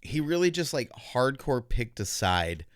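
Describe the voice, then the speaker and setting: A man's voice: mid-range voice, very animated, a little slow, no echo, clean studio sound. A man co-hosting a podcast in casual chat, swearing freely, sarcastic and rambling. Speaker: podcast co-host.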